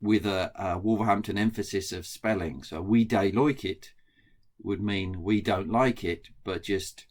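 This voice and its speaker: A middle-aged Englishman with a Black Country accent explains his research in a plain recorded lecture, his voice low and steady. He keeps a moderate pace with few pauses, though he says um often and restarts sentences.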